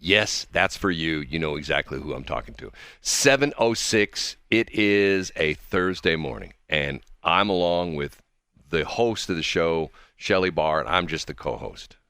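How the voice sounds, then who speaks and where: A man co-hosting a morning radio show, chatting casually and rambling through animated stories. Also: rumbling low, a little slow, creaky, clean tone, no room sound, studio quality. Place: radio studio.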